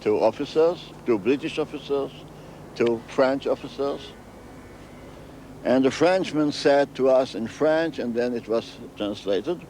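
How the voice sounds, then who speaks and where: Older male interviewee, halting second-language English, repeats himself, faint street noise behind. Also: medium pitch, darkish tone. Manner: halting, repeats phrases, non-native English grammar. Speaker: interviewee recounting memories. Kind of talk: storytelling interview.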